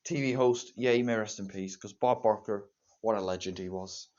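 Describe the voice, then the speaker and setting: A man's voice: lowish voice, normal speed, a little mellow. A teenage boy, reviewing a movie in rambling, repetitive fan talk. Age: teens. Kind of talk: casual solo movie review. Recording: dull lo-fi home recording.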